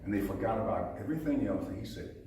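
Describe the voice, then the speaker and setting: In an echoey museum hall, recorded from across the room with faint ambient noise, an older Southern police chief talks to an audience. His lowish voice is warm, expressive, and fast as he shares stories and homespun sayings and asks the crowd questions in a folksy manner.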